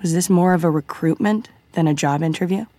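Low, dry-voiced woman for audiobook narration; measured and quietly suspenseful. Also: no echo.

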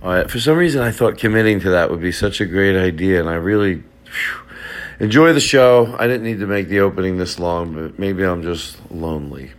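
A man's voice: low-pitched, a little fast. A middle-aged man, a stand-up comedian hosting a podcast, riffing in a sarcastic, joking way with repeated bits. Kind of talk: casual comedic podcast banter.

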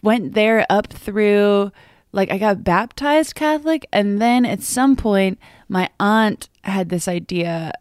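A woman's voice: lowish voice, a little mellow, smooth, no echo, clean studio sound. A woman from Massachusetts, a comedian guest on a podcast, telling stories in a chatty, wry way. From Massachusetts, USA. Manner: chatty, wry, laughs often. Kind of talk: casual chat.

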